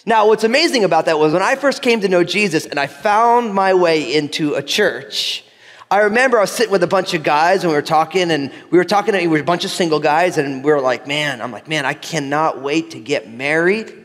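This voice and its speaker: High-voiced pastor in an echoing hall. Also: male voice, lively intonation, quick pace, a bit bright. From New Jersey. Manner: chatty storytelling with playful self-mockery. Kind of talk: sermon.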